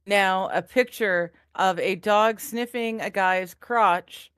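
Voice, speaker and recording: A woman's voice: mid-range voice, takes it slowly, fairly bright tone, clear, resonant tone, no echo, clean studio sound. A woman co-hosting a live stream, reading chat comments aloud and teasing the host with frequent giggles.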